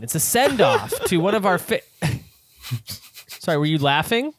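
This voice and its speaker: A man's voice: fairly high pitch, big pitch swings, a little slow, pauses often, no echo. A man hosting a comedy podcast, reading a sponsor plug and introducing guests in a playful, mock-dramatic way. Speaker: podcast host. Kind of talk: comedy podcast banter and ad read.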